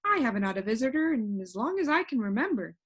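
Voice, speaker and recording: A woman voicing a fussy, scatterbrained, ordinary-sized man who rambles in a bright, raised voice. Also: on the high side, very animated, quick pace, slightly rough. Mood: cheery.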